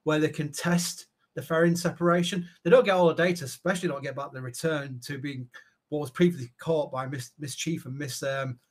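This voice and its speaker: A man co-hosting a live show in casual chat, telling things in a rambling, lively way. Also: on the high side, a little fast. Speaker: co-host, managing editor.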